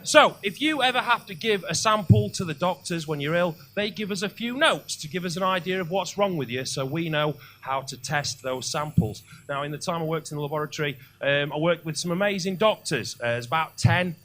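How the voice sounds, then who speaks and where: Bright-voiced male stand-up comedian. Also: fairly high pitch, brisk, few pauses, dry recording. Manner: crude, building to loud outbursts on punchlines. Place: comedy club stage.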